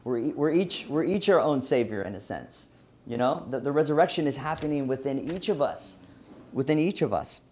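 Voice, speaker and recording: A man's voice: mid-range voice, expressive, brisk, darkish tone, slight background noise. A man from Louisiana with a Southern twang, giving a personal story talk, earnest and often restarting himself. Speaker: speaker.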